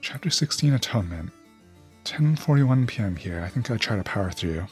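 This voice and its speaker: A man's voice: fairly low pitch, lively intonation, brisk, darkish tone, soft background music. A man casually commenting on a game while streaming, with blunt reactions. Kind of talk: let's play commentary.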